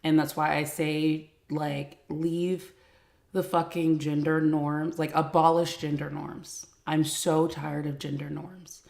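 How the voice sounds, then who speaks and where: A woman's voice: low voice, level tone, slow pace, gravelly, a little mellow, echoey room. A woman hosting a live stream from home, talking frankly in a casual, chatty way and swearing freely.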